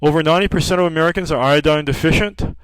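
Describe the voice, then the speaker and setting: A man's voice: a little high, very fast, no echo, low-quality recording. Chatty man telling patient stories. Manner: peppers speech with "okay", acts out callers' lines in dialogue. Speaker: hormone practitioner selling progesterone cream. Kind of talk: informal explanatory talk with patient anecdotes.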